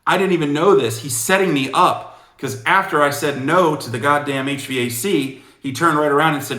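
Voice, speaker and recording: A man's voice: on the high side, normal speed, hardly any pauses, sharp tone. A man giving casual sales coaching, rambling and full of "you know" asides. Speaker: sales trainer. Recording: echoey room.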